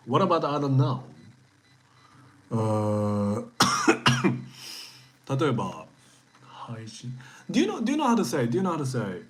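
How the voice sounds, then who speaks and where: A man with a Japanese accent giving a casual live-stream lesson, lively and encouraging, mixing English with Japanese words. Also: mid-range voice, rough recording. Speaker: Japanese teacher streaming to viewers.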